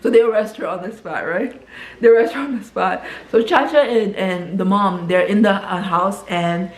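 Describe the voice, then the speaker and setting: A woman casually retelling a film plot. She keeps adding "right?" and repeats words as she rushes ahead. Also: mid-range voice. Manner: tags nearly every sentence with "right?". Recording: roomy echo.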